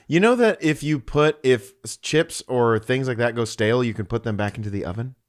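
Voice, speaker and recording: A man's voice: mid-range voice, lively intonation, fairly quick. Young male podcast co-host, jokey banter, everyday voice. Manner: teasing, jokey interjections. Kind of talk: casual chat.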